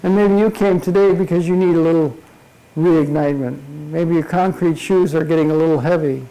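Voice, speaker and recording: An older man giving a humorous motivational talk at a club meeting, telling jokes deadpan. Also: a little high, normal speed, vocal fry, rough recording. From Minnesota. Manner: deadpan joke-telling to a laughing audience. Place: meeting room before a live audience. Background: audience laughter.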